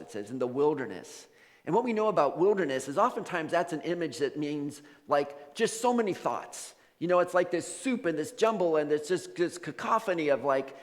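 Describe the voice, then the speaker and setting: A man preaching a sermon, telling a story casually and acting out the characters' voices. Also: on the high side. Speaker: minister. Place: church sanctuary. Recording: long hall reverb.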